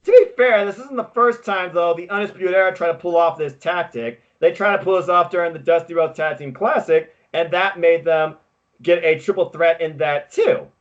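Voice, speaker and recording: A man co-hosting a podcast, recapping wrestling in casual chat with excitable, quick play-by-play. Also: on the high side, dull audio. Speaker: podcast co-host.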